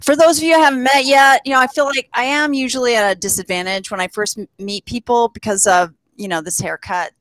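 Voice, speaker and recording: A woman from Texas doing a live stand-up set, self-mocking with deadpan asides and laughing at her own jokes. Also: on the high side, brisk, hardly any pauses, no echo. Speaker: stand-up comedian. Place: studio stage with live audience.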